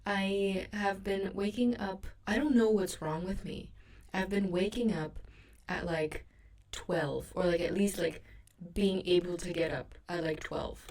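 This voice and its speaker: A woman's voice: lowish voice, expressive, measured pace, a little mellow. A young woman hosting her own podcast, chatting casually and rambling in a sleepy, self-deprecating way from her bedroom. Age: young adult. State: sleepy, a bit sick in the throat. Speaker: podcast host. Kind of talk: casual solo podcast chat.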